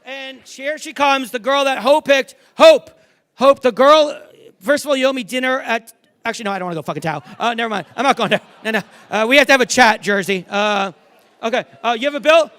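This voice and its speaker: Brief: brash middle-aged male stage magician, high bright voice, joking crowd work in a big theater. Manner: brash, joking, swearing, rapid crowd banter. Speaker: magician performer. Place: large theater stage before a live audience.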